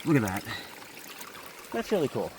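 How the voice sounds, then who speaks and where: A young man records himself outdoors on a mountain trail with a handheld camera. He is out of breath and talks in an excited, chatty way. He often repeats words, and his voice sits in a middle pitch. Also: moderate pace, slight background noise. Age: young adult. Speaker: vlogger. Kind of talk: casual hiking vlog.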